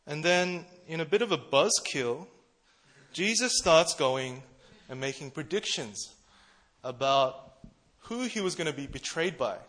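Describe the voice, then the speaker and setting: A man preaching a casual, conversational sermon, chatty and quick to laugh at himself. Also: a little high, lively intonation, a bit bright. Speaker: preacher, church treasurer.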